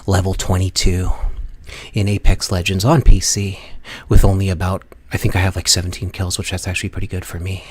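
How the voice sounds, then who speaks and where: A male streamer in a casual comic rant, mocking and animated, with some whispered asides. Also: low-pitched, creaky, slightly rough.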